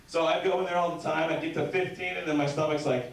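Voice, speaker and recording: A young man doing a stand-up set with a slightly high voice, heard from back in a very echoey club room. He tells rambling deadpan stories and now and then bursts into shouted bits. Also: fast talker, few pauses, far from the mic, slight background noise. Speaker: stand-up comedian. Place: comedy club stage.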